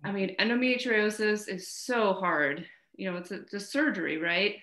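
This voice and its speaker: Woman podcast host, bright sharp tone, echoey room, lots of "you know"s. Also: mid-range voice, normal speed. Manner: conversational, lots of fillers like "you know" and "right?". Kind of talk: casual podcast conversation.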